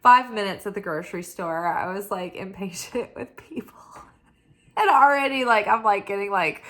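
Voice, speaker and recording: A woman's voice: fairly high pitch, a bit bright. A tired woman hosting a weekly oracle forecast, chatting casually and mocking herself, with many "like"s. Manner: chatty and self-mocking, lots of "like". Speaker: spiritual oracle reader. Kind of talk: casual chat.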